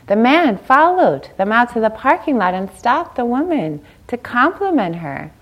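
A woman's voice: fairly high pitch, big pitch swings, normal speed, hardly any pauses, muffled recording. A meditation teacher, a woman, giving a dharma talk at a meditation center, chatty and informal, often checking in with the listeners. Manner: warm conversational, seeks agreement with "right?".

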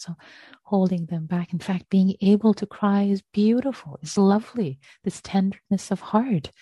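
A woman leading an online meditation group as its teacher, speaking gently and slowly in a reassuring way over a video call. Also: mid-range voice, no room sound.

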